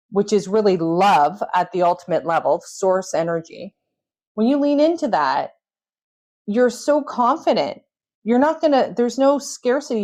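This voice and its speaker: A woman's voice: mid-range voice, darkish tone. A woman hosting a podcast, talking earnestly in a reflective, storytelling way. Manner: earnest, storytelling with self-coaching tone. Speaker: podcast host. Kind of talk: reflective solo podcast talk.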